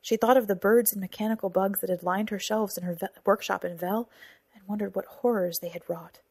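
A woman reads a novel aloud in a breathy, husky voice at a middling pitch. The sound is close and dry, with no room around it. She drops to a whisper or rises to a shout for the characters' lines. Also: steady tone, brisk, no room sound. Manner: acts out dialogue with whispers and raised voices. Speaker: audiobook narrator. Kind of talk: scripted narration.

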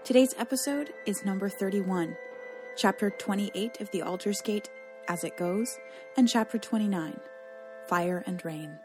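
A woman hosting a podcast, reading a fantasy novel aloud in a measured, even style. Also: mid-range voice, over music. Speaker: podcast host and narrator. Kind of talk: audiobook narration.

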